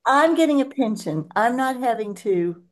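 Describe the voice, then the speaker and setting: A woman's voice: on the high side, expressive, normal speed. An older woman in casual conversation, reassuring and supportive as she talks about her own habits. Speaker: friend in conversation, gives readings. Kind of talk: casual chat.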